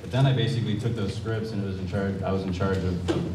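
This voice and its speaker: A man speaking on a convention panel about producing a show, measured with dry humor. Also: sits low, fairly even intonation. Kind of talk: panel discussion. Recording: echoey hall from far off, clear hum.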